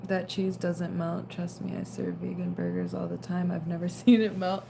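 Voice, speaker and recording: A young woman hosts a relaxed late-night livestream, chatting loosely and answering comments in a tired, low-pitched voice. A faint hum of room ambience sits under her talk. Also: normal speed, creaky. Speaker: livestream host. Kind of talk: casual livestream chat reading comments.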